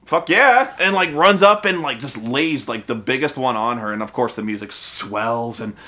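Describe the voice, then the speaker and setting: A man's voice: mid-range voice, moderate pace, pushed and bright. A man in a casual, profane film review rant, exasperated and full of restarts.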